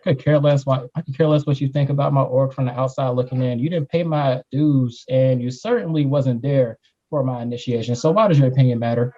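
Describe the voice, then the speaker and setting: Blunt panelist man, dark tone, restarts his words, dull lo-fi call sound. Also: medium pitch, fairly even intonation, brisk. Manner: emphatic, blunt, repeats words when starting. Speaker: panelist, fraternity member. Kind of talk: panel discussion.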